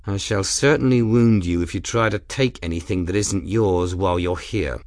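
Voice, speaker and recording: A man's voice: low voice, normal speed, a little mellow, no room sound, clean studio sound. A man playing a stern, formal airship captain. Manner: hard, clipped, dryly formal.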